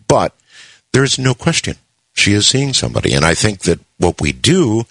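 A middle-aged man hosting a call-in radio show, talking in a slow, measured and deliberate way with long pauses. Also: very deep voice, vocal fry, a bit bright, no echo. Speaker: radio talk show host.

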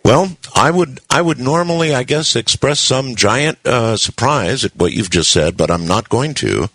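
A middle-aged man hosting a call-in radio show, talking in a slow, measured and deliberate way with long pauses. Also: mid-range voice, expressive, fairly bright tone, breathy edge. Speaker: radio talk show host.

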